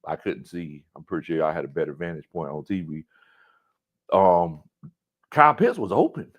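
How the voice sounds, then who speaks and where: A man's voice: sits low, very animated, normal speed. A man hosting a casual sports talk stream, reading viewer comments aloud with loose, stumbling speech and frequent laughter. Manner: loose, repeats words, laughs often. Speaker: sports talk show host.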